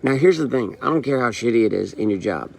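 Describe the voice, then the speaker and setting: This motivational show host talks fast in a gravelly, medium-pitched voice with lively intonation. His monologue is blunt and profane, driven by relentless repetition and anecdotes acted out as quoted exchanges.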